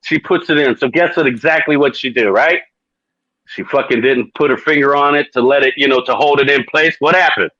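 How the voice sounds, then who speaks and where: A man's voice: medium pitch, fairly quick, no echo, dull audio. A man hosting a podcast, telling a long crude story casually, swearing and laughing often. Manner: profane, laughing, animated storyteller. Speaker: podcast host.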